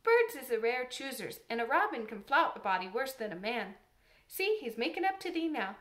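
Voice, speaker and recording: A woman's voice: fairly high pitch, very animated, fairly bright tone. A woman doing a cheery country boy. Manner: quick, easy, good-humoured.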